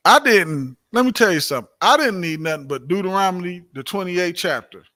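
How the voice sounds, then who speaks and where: Man leading a class, high bright voice, fired-up preacher cadence with rhetorical questions. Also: animated, brisk. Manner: emphatic, repeats points, asks rhetorical questions. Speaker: religious class teacher. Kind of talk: preaching-style class talk.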